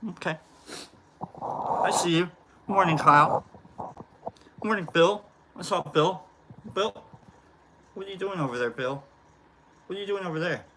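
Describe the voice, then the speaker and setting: A man's voice: high-pitched, background noise. A man hosting a live stream, greeting viewers by name and rambling through jokes in a casual chat.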